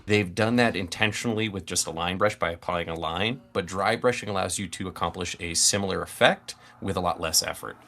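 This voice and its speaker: Deep-voiced man explaining painting technique. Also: brisk, hardly any pauses, sharp tone. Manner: explains steps patiently. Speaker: painting stream host. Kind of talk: casual instructional chat.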